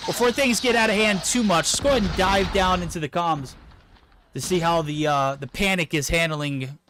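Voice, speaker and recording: A man giving esports play-by-play commentary with quick, excited calls on a headset mic. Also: high-pitched, a little hiss or hum. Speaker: esports caster. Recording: game sound effects under the voice.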